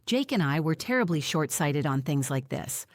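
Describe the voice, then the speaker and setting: A woman narrating a first-person audiobook in a steady, reflective way. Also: low-pitched, moderate pace, no echo, studio quality.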